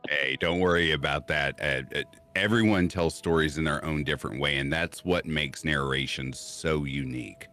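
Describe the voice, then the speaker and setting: A man co-hosting a casual horror podcast chat, friendly and upbeat, quick to laugh. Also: extremely low pitch, bright, forceful tone, soft background music. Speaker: co-host.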